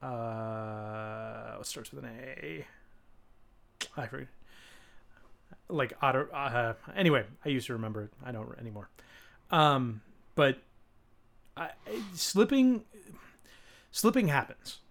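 A man's voice: medium pitch, expressive, slow pace, vocal fry, long pauses, a bit bright. Man, mid-range voice, casual podcast co-host, jokey, trails off. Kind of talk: casual chat.

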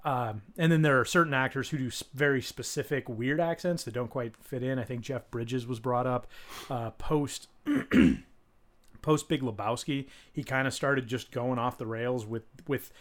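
A man's voice: mid-range voice, measured pace. A man co-hosting a podcast in casual chat, rambling with many fillers and restarts and swearing casually. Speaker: podcast co-host.

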